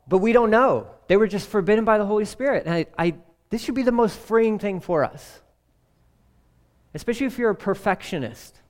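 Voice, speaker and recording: Animated preaching man in a reverberant hall. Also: on the high side. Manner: animated storytelling, acting out voices of others. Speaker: pastor. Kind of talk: sermon.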